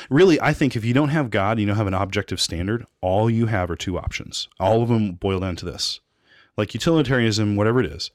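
A man's voice: fairly low pitch, dry recording, studio quality. A man co-hosting a podcast, talking casually and reviewing a debate, with frequent restarts and asides. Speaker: podcast co-host.

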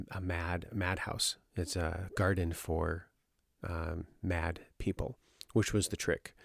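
Deep and carrying vocal fry, this man's voice is recorded dry at studio quality. A book club member, he rambles animatedly as he summarizes and talks over a novel with friends, using plenty of fillers.

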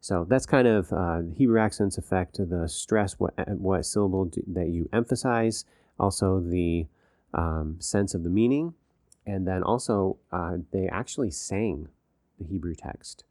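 A man's voice: deep voice, unhurried, mellow, no room sound, clean studio sound. A man in a casual podcast chat, explaining things patiently like a teacher.

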